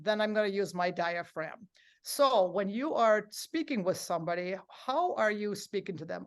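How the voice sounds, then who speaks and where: A middle-aged woman presenting a live workshop, upbeat and coaxing her audience to join in, acting out quotes with lively voices. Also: medium pitch, moderate pace.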